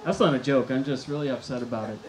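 A middle-aged American man performing a stand-up comedy set on a theater stage, telling deadpan absurd one-liners into a handheld mic. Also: mid-range voice, quick pace. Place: movie theater stage before a live audience. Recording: echoey theater room with faint noise.

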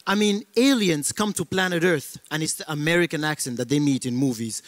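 A man's voice: on the high side, a little fast, dry recording. A man from Africa who grew up in Belgium, doing stand-up comedy in a playful way and mixing in Romanian words.

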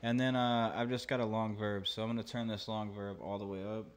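A man's voice: fairly low pitch, level tone, fairly quick, clean tone. A man hosting a mixing tutorial, talking casually and thinking aloud with many fillers. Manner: laid-back, thinking aloud with many ums and uhs. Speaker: mixing engineer and channel host.

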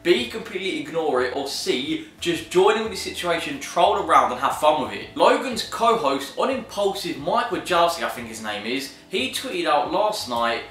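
A man's voice: on the high side, very animated, normal speed, few pauses, a bit bright, distant mic, soft background music. A man hosting a casual commentary vlog, chatting jokily and reading out viewer comments. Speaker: YouTube commentary host. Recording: echoey room, voice a bit off-mic.

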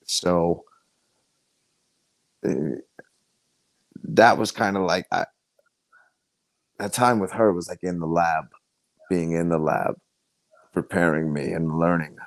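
A man with a low, deep voice recounts his life as a podcast guest. He speaks earnestly and haltingly, often restarting his sentences. The sound is close and dry, with no room around it. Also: steady tone, creaky, no room sound. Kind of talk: personal storytelling in conversation.

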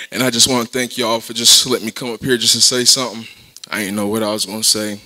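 Bright-voiced man speaking at a memorial. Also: on the low side, level tone, low-quality recording. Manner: halting, laughs between thoughts. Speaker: teammate giving a eulogy. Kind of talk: eulogy at a memorial service.

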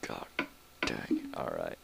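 Young man, gameplay commentary, goofy, rambling, loud outbursts, faint hiss. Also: a little slow. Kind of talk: casual gaming commentary.

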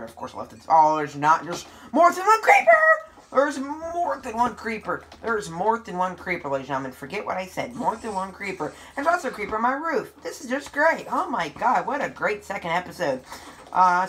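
Woman gaming host, low-ish voice that swings widely, jumpy and sarcastic while she plays. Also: a little hiss or hum. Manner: excitable and sarcastic, talks to viewers. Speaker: gameplay video host. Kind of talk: live gameplay commentary.

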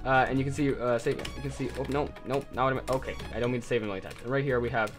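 Man, gameplay commentator, middle pitch, rambling self-deprecating chatter, faint game music behind. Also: fairly even intonation, racing. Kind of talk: casual let's-play commentary.

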